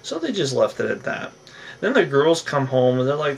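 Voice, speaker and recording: A man casually recapping a reality TV episode, rambling and animated, acting out what the cast said. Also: mid-range voice, moderate pace, gravelly, far from the mic, a little hiss or hum. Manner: rambling, animated, acts out cast members' lines.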